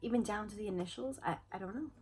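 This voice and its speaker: A woman's voice: mid-range voice, fast, a little mellow, slightly rough, rough recording. A young adult woman chatting to camera, telling a personal story in a casual way, full of "like" fillers and replayed conversations. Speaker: vlogger.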